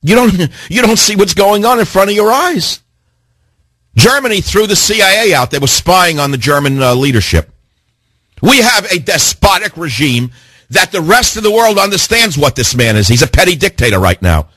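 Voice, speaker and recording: A male radio host delivers an impassioned rant, his voice swinging widely from low growls to high outbursts. It sits a little high and has a husky edge. The sound is dry and close, with no room around it. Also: sing-song, normal speed, bright, forceful tone, no echo. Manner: impassioned, ranting, hammering rhetorical questions. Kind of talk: talk radio monologue.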